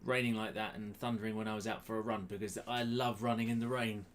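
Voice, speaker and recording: A quiz host with a fairly low voice talks fast with little pitch movement, over slight background noise. Live-streaming from a room at home, he chats casually, teases himself, and greets viewers by name, with his webcam right up near his face.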